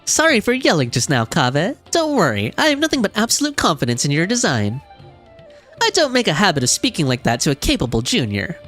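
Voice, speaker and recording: Woman doing a brisk, bossy female scholar. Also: on the low side, wildly swooping pitch, fairly bright tone, soft background music, voice pushed up, heavily acted. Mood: stern.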